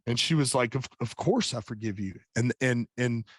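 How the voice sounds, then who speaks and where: A man's voice: medium pitch, normal speed, breathy edge, dry recording. A middle-aged man with an ordinary mid-range voice speaks as a podcast guest, earnest and open, circling back with repeated "and, and" starts as he builds his story. His voice is recorded close and dry, with no room sound. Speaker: podcast guest, author and coach. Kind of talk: casual chat.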